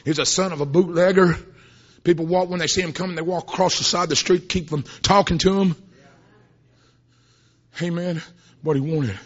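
A man preaching a sermon, peppering his talk with "amen" and swinging from hushed storytelling to shouted exclamations. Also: a little high, fairly even intonation, normal speed, pauses often. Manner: peppered with "amen", folksy grammar. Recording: dull lo-fi recording.

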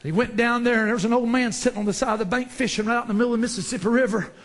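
High-voiced preacher. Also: male voice, steady tone, very fast. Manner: rises to fervent shouts, then drops low. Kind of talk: sermon.

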